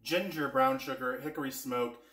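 A man's voice: medium pitch, moderate pace, bright, forceful tone, echoey room. A man hosting a casual cooking vlog, chatting with viewers and tasting spice blends with eager enthusiasm. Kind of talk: casual taste-test vlog.

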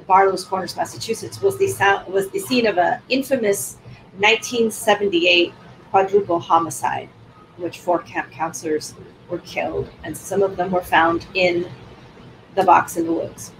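A woman's voice: on the low side, fairly even intonation, moderate pace, a little hiss or hum, low-quality recording. A woman author answering interview questions in a thoughtful, explanatory way. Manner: thoughtful, explains at length with some restarts. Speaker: author guest.

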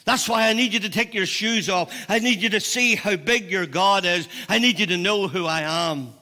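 A man's voice: high-pitched, normal speed, pushed and bright. A man with a Northern Irish accent preaching a sermon as pastor, passionate and building to emphatic declarations. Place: church hall. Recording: long church reverb.

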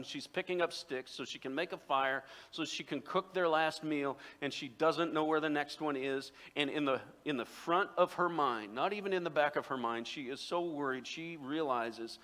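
A male pastor preaching in a bright, forceful voice that sits a little high for a man. He retells the story in a chatty way, with jokes and rhetorical questions. His voice rings through the church with a long reverb. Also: normal speed, few pauses. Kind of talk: sermon. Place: church sanctuary.

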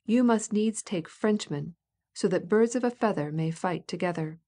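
A woman's voice: on the low side, moderate pace, mellow. A woman voicing an irascible old prince, blustering and sarcastic, in an audiobook reading. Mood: scornful.

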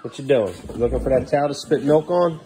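A man's voice: medium pitch, fairly quick, warm tone, rough recording. A man filming a casual family vlog at home, coaxing his young sons and then scolding them in exasperation. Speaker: father and family vlogger.

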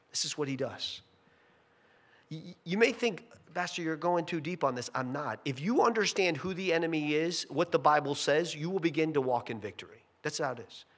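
A male pastor preaching a sermon in an animated, conversational way with jokey asides. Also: a little high.

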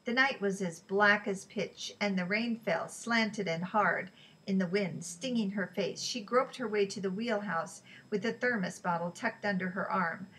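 A woman reading a novel aloud in an even, unhurried way, with small slips she corrects. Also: mid-range voice, husky, low-quality recording. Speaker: reader.

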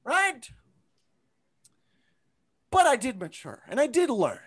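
Young man, stand-up, gravelly, lively pitch, shouty mock-epic. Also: slow. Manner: theatrical, mock-grandiose, bursts into shouting. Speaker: stand-up comedian. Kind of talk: stand-up comedy set.

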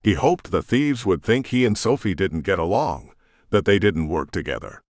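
Deep-voiced male audiobook narrator. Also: expressive, moderate pace, a little mellow, no room sound, studio quality.

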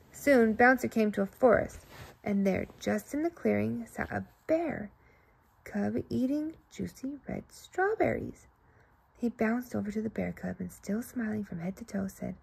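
A woman reading a children's storybook aloud in an expressive, playful way. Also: medium pitch, a little slow, gravelly, husky.

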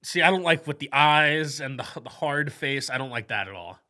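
A young man with a mid-pitched but very sharp, bright voice, chatting on a podcast. He tells mischievous stories in a playful, offhand way. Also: animated, moderate pace. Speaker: podcast co-host. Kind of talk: casual chat.

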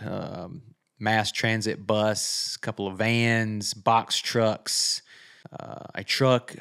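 Middle-aged male gaming host, deeper voice with a smooth, clean tone, chatty trailer breakdown. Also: fairly bright tone. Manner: chatty, thinking aloud with frequent "uh"s. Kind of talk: casual game trailer breakdown.

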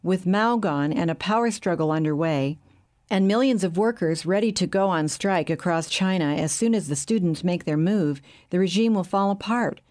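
A woman reading the lines of a calm, scheming male bank chief in an audiobook. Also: fairly low pitch, normal speed, lightly acted. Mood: assured. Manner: calm, assured, soothing.

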